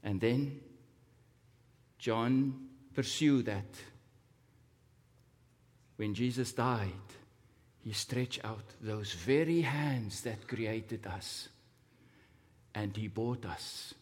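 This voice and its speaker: A man preaching a sermon, telling a story slowly and dramatically, with big rises and drops in pitch and volume. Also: slightly rough. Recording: long hall reverb.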